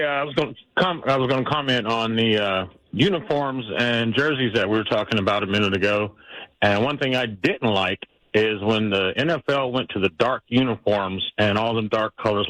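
A man's voice: lowish voice, a little fast, a bit bright, dry recording, poor audio. A man calling in to a radio show, giving folksy, confiding advice. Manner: folksy, confiding, acts out examples. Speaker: caller. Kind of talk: call-in advice.

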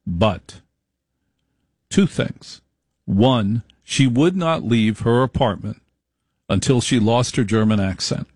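A middle-aged man speaking at an ordinary, middle pitch, recorded close and dry. He talks in an emphatic, repetitive way and drags out key phrases to make his points land. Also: animated, slow pace, long pauses, a little mellow, husky, no echo. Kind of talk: storytelling monologue.

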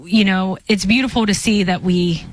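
A woman's voice: medium pitch, fairly even intonation, moderate pace. A woman on staff at a law firm, talking casually and earnestly as a radio guest, with many fillers. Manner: rambling, heartfelt, many fillers.

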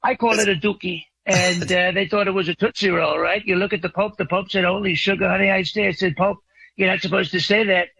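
A man's voice: sits high, fairly even intonation, fairly quick, creaky, bright, forceful tone, breathy edge, dry recording, lo-fi sound, exaggerated voice. A man doing an impression of an older male president, rambling and boastful with a short temper, in a radio comedy bit. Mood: mocking. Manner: rambling, boastful, crude jokes.

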